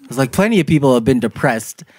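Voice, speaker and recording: A man's voice: medium pitch, animated, fast talker, a little mellow. A man co-hosting a casual podcast, reading out idiom meanings and laughing often. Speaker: podcast co-host. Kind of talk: casual chat.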